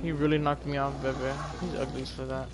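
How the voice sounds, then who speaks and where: Against game music and some background noise, a man of medium pitch speaks a little fast as he plays a video game beside a child. He chatters playfully and excitedly, humming along and calling out gasps and yells as things happen.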